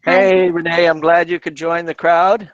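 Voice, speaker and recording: Male crafting-stream host, halting and chatty, lo-fi dry sound. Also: fairly high pitch, flat delivery, no room sound. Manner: halting, with frequent restarts and repeated words. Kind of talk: casual live-stream chat while crafting.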